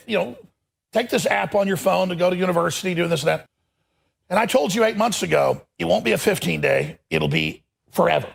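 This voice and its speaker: Gravelly, raspy ranting man. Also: sits high, fairly quick. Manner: angry, shouting rant. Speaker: talk show host. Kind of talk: ranting live show.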